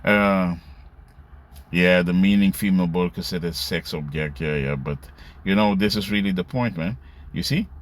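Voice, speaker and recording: Low-voiced man preaching casually. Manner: repeats "man" and "you see", reads slowly from scripture. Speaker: religious commentator. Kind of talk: casual scripture commentary.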